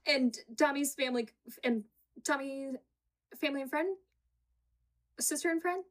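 A woman's voice: sits high, normal speed. Giggly young-sounding woman recapping TV. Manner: giggly, retells scenes with quoted voices. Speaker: podcast co-host. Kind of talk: casual chat recapping a reality show. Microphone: home setup with green screen.

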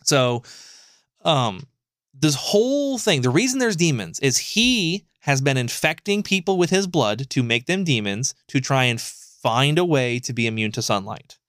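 Rambling, animated podcast co-host man. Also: medium pitch, unhurried, dry recording, studio quality. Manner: animated, rambling storytelling with frequent fillers and swearing. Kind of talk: casual podcast chat.

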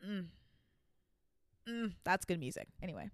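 A young woman hosting a casual podcast, chatty and animated, swearing now and then. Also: lowish voice, a little slow, smooth, no echo, clean studio sound. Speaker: podcast host. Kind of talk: casual chat.

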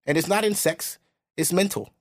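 A young man hosts a podcast, speaking bluntly and preaching in a loose, casual style at a moderate pace in a gravelly voice. Whenever he quotes other people, he imitates them in high, mocking voices.

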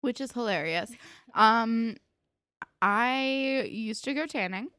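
A woman's voice: on the high side, pushed and bright, clear, resonant tone, no room sound, clean studio sound. A young woman from New Jersey, co-hosting a podcast and recapping a TV episode in loose, chatty talk full of "like" and "um". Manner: chatty, lots of "like" and "um", quick asides. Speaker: podcast co-host. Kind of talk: casual chat recapping a TV episode.

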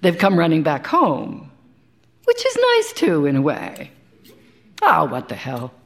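A woman's voice: sits low, very animated, unhurried, creaky, fairly bright tone. Wry woman reading a story live. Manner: wry, conversational storytelling with dry asides. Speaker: actor reading a short story. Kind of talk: live dramatic reading of a first-person story. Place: live stage performance.

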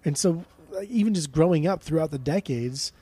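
A man co-hosting a podcast, talking in an animated, mocking casual way and swearing often. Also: on the high side, fairly quick, breathy edge. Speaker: podcast co-host. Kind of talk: casual chat.

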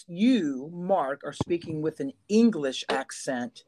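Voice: medium pitch, expressive, takes it slowly, few pauses. Playful podcast co-host with faint noise. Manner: playful, teasing. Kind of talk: casual interview chat.

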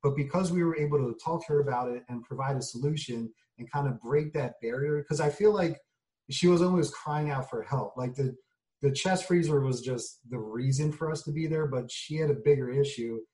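A man's voice: mid-range voice, a little fast, mellow. A man telling a story in casual conversation as an interview guest, acting out the quoted lines. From United States. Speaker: guest, junk removal business owner. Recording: voice a bit distant from the mic.

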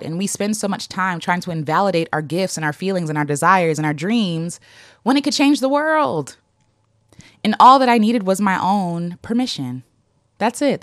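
A woman vlogger speaks in a slightly low voice, reading affirmations and then reflecting on them in an earnest, open, casual way. She laughs often and uses plenty of fillers. The sound is dry and close, with no room echo.

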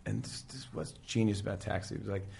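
A man chatting casually about an old sitcom, animated and acting out scenes in quick impressions. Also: fairly low pitch, gravelly, slight background noise. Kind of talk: casual chat.

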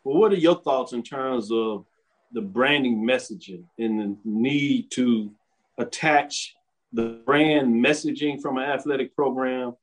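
A man hosting a sports radio show and podcast from a home studio, chatty and upbeat with quick asides. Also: medium pitch, low-quality recording. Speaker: host. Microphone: home studio mic.

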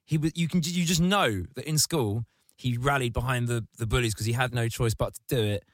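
A man's voice: medium pitch, a little fast, dry recording. Sardonic man ranting comedically. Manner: sardonic, crude, rants with vivid insults. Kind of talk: casual comedic chat.

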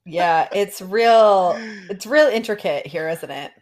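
Woman, podcast co-host, slow and easygoing, laughs often, mid pitch. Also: lively intonation. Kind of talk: casual comedic chat.

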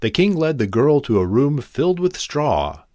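A man narrating a fairy tale in an expressive, animated reading. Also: medium pitch, normal speed, dry recording, studio quality. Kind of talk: storybook narration.

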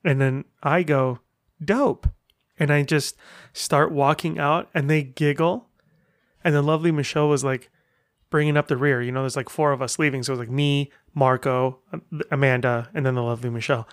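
A middle-aged man hosts a casual solo podcast, telling stories in a chatty way full of rambling asides. His medium-pitched voice is steady in tone and a little fast, captured with clean studio sound and no echo.

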